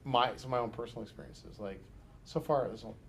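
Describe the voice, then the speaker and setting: A man's voice: medium pitch, fairly quick, fairly bright tone, slight background noise. A man teaching a psychology class, talking loosely and conversationally and hedging with frequent fillers. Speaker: psychology instructor. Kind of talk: casual classroom discussion.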